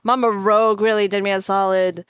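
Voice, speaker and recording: A woman's voice: mid-range voice, level tone, a little fast, clean tone, dry recording, lo-fi sound. A woman hosting a livestream in casual chat, giggly and playful, swearing freely. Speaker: livestream host.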